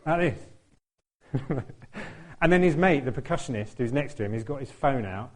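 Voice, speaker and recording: A man's voice: medium pitch, animated, moderate pace. Chatty man telling a story. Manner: chatty, self-deprecating, laughs often, acts out quotes. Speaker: church speaker. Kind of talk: anecdotal sermon storytelling.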